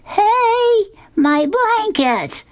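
A woman voicing a young boy who clings to his blanket, in a squealing high voice. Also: steady tone, slow pace, gravelly, darkish tone. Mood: plaintive.

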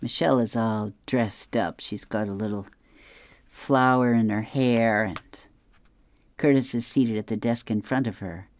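A man's voice: on the low side, steady tone, a little slow. A man reading newspaper comic strips aloud and describing each panel in a chuckling, easygoing way. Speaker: comics reader.

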